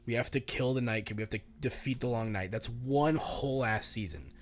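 A man co-hosting a casual podcast, animated and profane, bursting into loud acted-out quotes as he talks. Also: medium pitch, a little fast. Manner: animated, swearing, acts out quotes loudly. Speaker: podcast co-host. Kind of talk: casual chat.

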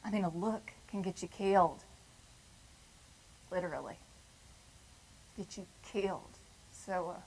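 A woman's voice: fairly low pitch, unhurried, long pauses, darkish tone, a little hiss or hum, rough recording. A brassy, wisecracking Texan wife of an inmate, acted by a woman in a theatrical monologue. She has a folksy drawl and a tough, no-nonsense delivery. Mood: sober. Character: brash, wisecracking Texan woman with a husband in prison. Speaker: performer.

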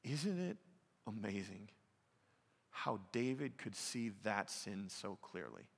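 A man preaching a sermon as pastor, telling a story with rising, emphatic delivery that swings high and loud at dramatic points. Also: big pitch swings, takes it slowly, gravelly, big-room sound.

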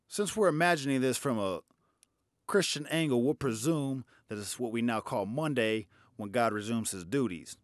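A man's voice: mid-range voice, moderate pace. Sarcastic, profane male comedian. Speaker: stand-up comedian. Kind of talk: stand-up comedy routine.

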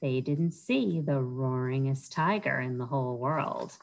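A woman's voice: a bass voice, measured pace, creaky, poor audio. A woman reading a picture book aloud to children at a library storytime, often asking her listeners questions. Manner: animated, asks the listeners questions.

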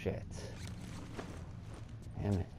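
A man giving let's play commentary, cursing often and jumping from quiet muttering to panicked shouts. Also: drawn-out words, noisy background. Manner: swears a lot, swings from muttering to panicked yelling. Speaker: gaming channel host.

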